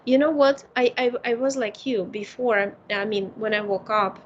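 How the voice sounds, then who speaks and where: Woman, higher voice, consultant in casual chat, lively anecdotal delivery, faint noise behind. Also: moderate pace, lo-fi sound. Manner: animated storytelling with many fillers. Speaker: psychic consultant. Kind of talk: casual conversation.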